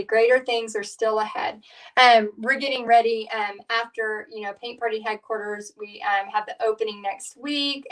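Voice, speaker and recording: A middle-aged woman talks her viewers through a painting lesson, rambling from one story to the next with plenty of "um" and "you know". Her voice sits a little high for a woman. She sounds a bit back from the microphone. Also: far from the mic, rough recording. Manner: chatty, rambling, warm storytelling with fillers. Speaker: painting instructor. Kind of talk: live painting tutorial chat.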